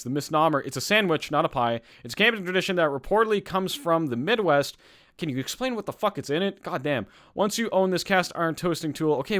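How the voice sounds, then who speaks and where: A young Canadian man hosts a casual live-streamed podcast, his voice fairly high-pitched with a fairly bright tone. He's worked up, ranting with plenty of swearing, and he's sweating.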